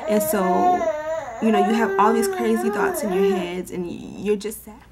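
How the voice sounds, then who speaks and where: A woman's voice: fairly high pitch, very animated, normal speed, over a noisy crowd. A young woman talking candidly to her camera in a personal vlog, rambling and heartfelt, with lots of "you know" and "um". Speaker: vlogger. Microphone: camera mic. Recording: faint background noise.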